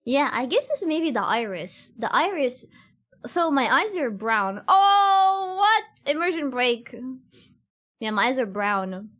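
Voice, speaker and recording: A woman's voice: fairly high pitch, very animated, unhurried, fairly bright tone. A young woman streaming, rambling and giggling as she chats with her viewers. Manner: rambling, giggly, many fillers; talks straight to chat. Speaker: cosplay streamer. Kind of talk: casual chat with stream viewers.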